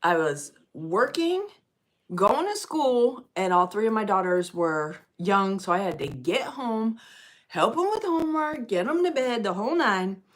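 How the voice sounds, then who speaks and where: Animated middle-aged woman livestreaming. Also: mid-range voice, unhurried. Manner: animated storyteller, gets loud and fired up; chatty, greets viewers by name. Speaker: livestream host. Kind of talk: casual livestream chat.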